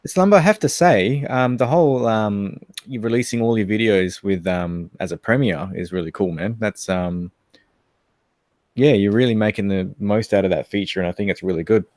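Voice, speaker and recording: A man's voice: lowish voice, normal speed, a little mellow, no room sound, studio quality. A man with an Australian accent co-hosting a casual livestream, greeting viewers by name and swearing playfully. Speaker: livestream co-host.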